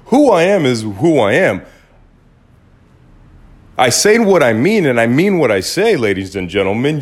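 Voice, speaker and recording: A man's voice: medium pitch, measured pace, long pauses, breathy edge. A man hosting his own podcast, talking in a blunt, casual monologue with some swearing. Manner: blunt, swears, animated when quoting others. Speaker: podcast host. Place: Los Angeles.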